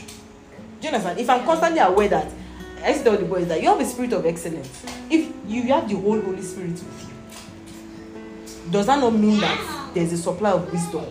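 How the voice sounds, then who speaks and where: A woman's voice: medium pitch, darkish tone. A woman with a Nigerian accent teaching a Bible lesson, earnest and often checking that her listeners understand. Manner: earnest, repeatedly asking "Do you understand?". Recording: roomy echo with music behind.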